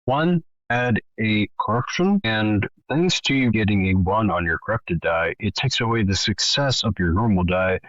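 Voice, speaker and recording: Male game master, low-pitched, relaxed and matter-of-fact, dull lo-fi mic. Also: moderate pace, hardly any pauses, no echo. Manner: laid-back, matter-of-fact rules explaining. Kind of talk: narrating a tabletop game.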